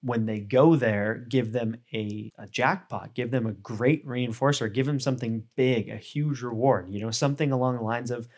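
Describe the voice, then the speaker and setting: A man explaining dog training in a relaxed, conversational way, often adding "you know" and "right?" as he works through everyday examples. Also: mid-range voice, normal speed, hardly any pauses. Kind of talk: casual instructional talk.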